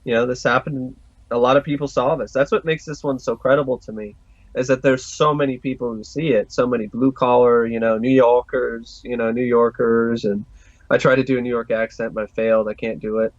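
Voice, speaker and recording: A man co-hosting a podcast in relaxed casual chat, agreeing and chiming in. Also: medium pitch, a little fast, no room sound. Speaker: podcast co-host. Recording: dry, slightly muffled mic.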